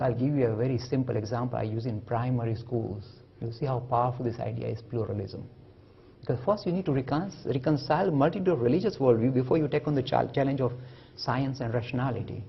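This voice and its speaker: A man's voice: mid-range voice, brisk, creaky, muffled recording, slight background noise. A man giving a lecture on religion, telling anecdotes and acting out the voices in them. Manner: animated, acts out voices in anecdotes. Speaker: speaker on religion. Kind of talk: lecture with storytelling.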